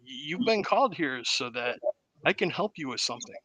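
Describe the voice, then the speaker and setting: A man voicing a mysterious hooded stranger who speaks quietly and holds things back. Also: fairly high pitch, sing-song, normal speed, no room sound, dull audio, exaggerated voice. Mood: secretive. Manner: quiet, withholding.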